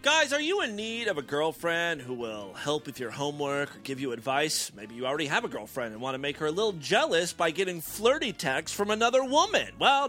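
Brief: man, comic news host, sarcastic and foul-mouthed, somewhat high and animated. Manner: profane, sarcastic, animated, riffing asides. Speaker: comedy podcast host. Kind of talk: irreverent comic news reading.

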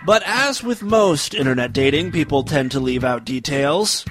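Guy reading some trashy story out loud, snarky comments, voice a bit high, little music under it. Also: lively intonation, normal speed. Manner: sarcastic asides, laughing at the text. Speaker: comedic reader of fan stories.

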